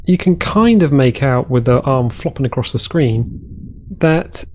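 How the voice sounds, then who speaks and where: A man's voice: medium pitch, lively intonation, measured pace, a little mellow, a little hiss or hum. A man giving casual, chatty commentary over his own gameplay, easily delighted and trailing off mid-sentence as he explores. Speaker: let's play host.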